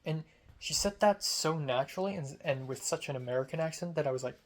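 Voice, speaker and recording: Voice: mid-range voice, fairly quick. A young adult from Hong Kong who works as a script supervisor, talking casually and candidly and filling the talk with "like" and "um". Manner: chatty and candid, heavy use of "like" and "um". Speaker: script supervisor on a student film set. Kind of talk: casual storytelling vlog.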